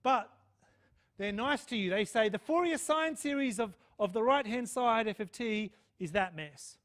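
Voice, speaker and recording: A man's voice: high voice, expressive, measured pace, a bit bright. A man lecturing on math to a live class, chatty, often checking in with "okay?" and "right?". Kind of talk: live lecture with student questions.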